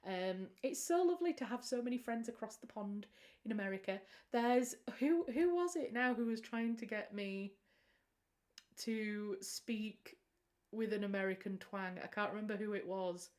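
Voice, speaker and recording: A woman's voice: medium pitch, moderate pace, darkish tone. A British woman, a writer hosting a livestream, chatting casually and rambling with frequent restarts.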